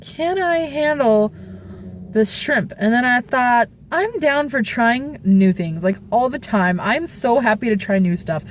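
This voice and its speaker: Young woman, casual storytelling vlog, fairly high voice, animated delivery with squeals. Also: a little slow, hardly any pauses, slight background noise. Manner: animated, squeals and shrieks in retelling. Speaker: vlogger.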